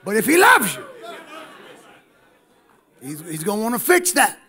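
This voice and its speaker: Male preacher, high-pitched, emphatic, engages the congregation, church sermon. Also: huge pitch swings, a little slow, pushed and bright, some chatter behind.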